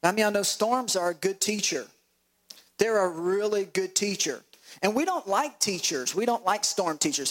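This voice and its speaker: A man preaching a sermon as pastor, telling animated stories with laughs and acted-out voices. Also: sits high, moderate pace, low-quality recording.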